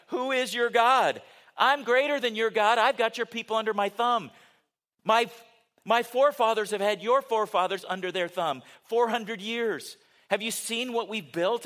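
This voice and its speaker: A haughty pharaoh, as a male preacher puts him on, mocks and scoffs with open disbelief. His voice sits high for a man and rings with boastful contempt. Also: a bit bright. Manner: mocking, incredulous.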